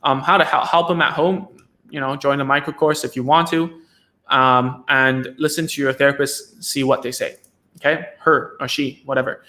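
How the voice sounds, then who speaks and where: A man's voice: mid-range voice, steady tone, moderate pace, pushed and bright. A man hosting a live stream as a speech therapist, talking casually with lots of restarts and tag questions like "right?" and "okay?".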